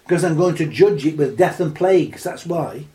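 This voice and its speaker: A man preaching a sermon, reading scripture slowly and then building into impassioned, rising exhortation. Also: a little high, mellow. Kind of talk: sermon, Bible teaching.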